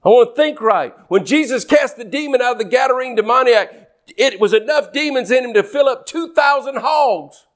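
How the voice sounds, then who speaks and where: A male preacher, delivering a lively sermon and mimicking complainers in whiny voices. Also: very high voice, moderate pace. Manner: animated, mocks worriers in whiny put-on voices.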